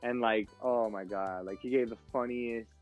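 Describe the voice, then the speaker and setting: A man's voice: medium pitch, fairly even intonation, moderate pace, faint music behind. A man, a guest DJ, telling stories in a rambling, casual way, filling his speech with "like". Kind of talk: casual storytelling.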